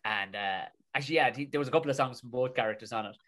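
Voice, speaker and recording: A man's voice: mid-range voice, rapid-fire, a bit bright. A man with a Tipperary Irish accent, a comedic actor telling a story in an interview, swearing freely and rambling with restarts. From Tipperary, Ireland.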